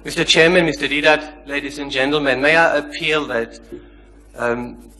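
Polite persistent questioner, slightly high, bright tone. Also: male voice, steady tone, moderate pace, low-quality recording. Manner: polite but persistent, quotes scripture. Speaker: audience questioner. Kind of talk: formal question from the floor.

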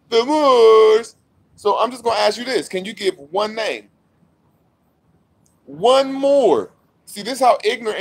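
Young guy ranting at another vlogger, high gravelly voice, heated and mocking. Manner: heated, repetitive, mocking, swings from loud to low. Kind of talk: confrontational rant to camera.

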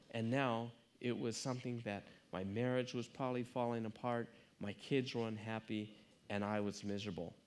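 Earnest man telling a personal story. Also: mid-range voice. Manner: earnest, emotional, confessional. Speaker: conference speaker.

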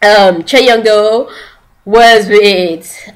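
A woman's voice: mid-range voice, extremely slow. A young woman who speaks English as a second language, gushing in a casual chat as she reviews a drama. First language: not English. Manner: gushing, chatty, giggly.

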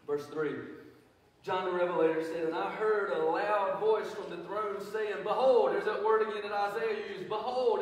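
A man preaching a sermon as pastor, moving from quiet reflection to loud, fervent declarations. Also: high voice. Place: large church sanctuary. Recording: echoey hall, mic from a distance.

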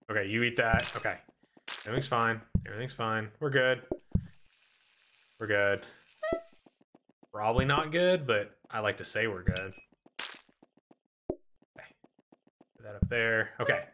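A man's voice: mid-range voice, background noise. A man streaming a cooking game solo, giving playful running commentary to his chat and talking himself through the chaos. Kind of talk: live gameplay commentary to chat.

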